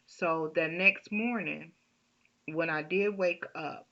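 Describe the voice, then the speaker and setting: Slow gravelly woman telling her story. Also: deep voice, sharp tone, highs cut off. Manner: halting, with many restarts. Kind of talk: personal story time.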